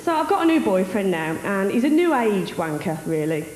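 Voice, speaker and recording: A woman's voice: mid-range voice, big pitch swings, brisk, darkish tone. A woman from Wolverhampton with a Black Country accent doing a brash, chatty stand-up routine on stage. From Wolverhampton, England. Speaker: stand-up comedian. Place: comedy stage in a hall. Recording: roomy hall reverb, faint hiss.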